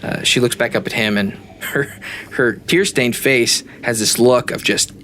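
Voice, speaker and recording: A man's voice: mid-range voice, measured pace, a little hiss or hum. Laid-back male game master narrating. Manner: relaxed, hesitant, frequent fillers.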